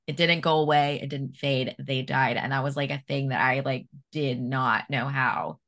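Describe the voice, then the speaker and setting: Woman host, low-pitched, bright tone, candid and emphatic, casual swearing. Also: steady tone, normal speed. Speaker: podcast host. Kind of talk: casual conversation.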